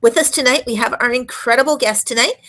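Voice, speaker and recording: A woman hosting an interview show, halting and filling pauses with uh. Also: a little high, sharp tone, poor audio. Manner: halting, with many fillers. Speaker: show host.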